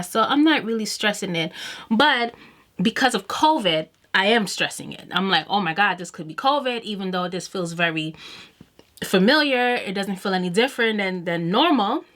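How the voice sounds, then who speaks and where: A woman beauty vlogger telling a personal story in a casual, chatty way to camera, often acting out what she and others said. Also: mid-range voice. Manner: chatty and animated, quoting herself and others. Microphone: camera mic while doing makeup.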